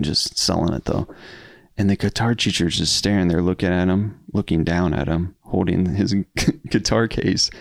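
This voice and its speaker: A man's voice: deep voice, creaky, no echo, clean studio sound. A middle-aged man telling school stories in casual chat, laughing and acting out the voices of the people in them. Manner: laughing storyteller, acts out quoted voices.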